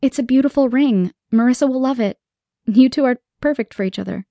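A woman voicing a nervous young woman in an audiobook, who speaks in quick, guarded bursts. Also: high-pitched, mellow, no echo, pitched above the performer's own voice. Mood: flustered. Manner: flustered, quick and defensive.

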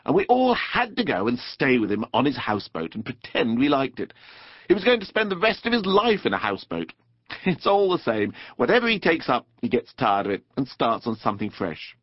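A man voicing a cheerful, confident male water rat who talks in a brisk, hearty, chummy way in a storybook reading. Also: mid-range voice, slightly rough, no echo, pitched above the performer's own voice. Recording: dull dry studio recording.

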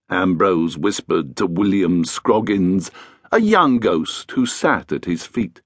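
A man narrating a children's audiobook in an expressive, animated reading style. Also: sits low, slow, dry recording, studio quality.

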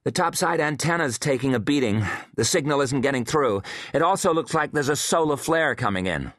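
A man voicing a tough, practical woman paleontologist, speaking briskly in a raised voice. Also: medium pitch, animated, fairly bright tone, no room sound, studio quality, voice pushed up. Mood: worried.

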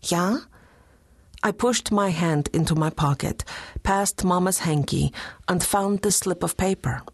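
A woman reading a first-person audiobook in a measured, gentle, soft-spoken way, close to a studio mic. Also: on the low side, no echo. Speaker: audiobook narrator.

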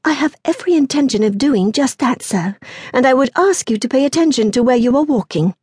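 A woman's voice: high voice, animated, a little fast, a little mellow, no room sound, clean studio sound, voice pushed up. A woman voicing a spirited, tart young lady. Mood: tart, composed. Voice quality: crisp, tart. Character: spirited, witty young gentlewoman.

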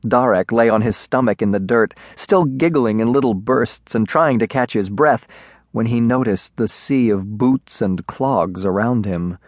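A man narrating a children's storybook in a measured, expressive way on a close studio mic. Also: medium pitch, dry recording. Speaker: audiobook narrator.

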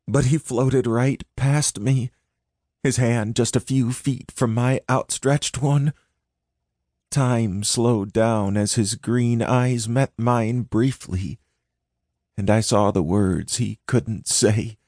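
Slow, intense male audiobook narrator. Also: mid-range voice, a little mellow, no echo, clean studio sound. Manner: dramatic, intense reading. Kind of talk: first-person audiobook narration.

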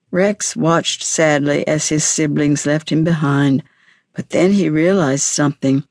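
A woman narrating a children's storybook audiobook in a measured, clear storytelling manner. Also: low voice, darkish tone, no echo, clean studio sound.

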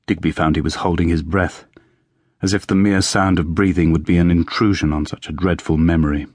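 Low-voiced man narrating audiobook. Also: steady tone, brisk, darkish tone, dry recording. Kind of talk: scripted narration. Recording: dry studio voice-over.

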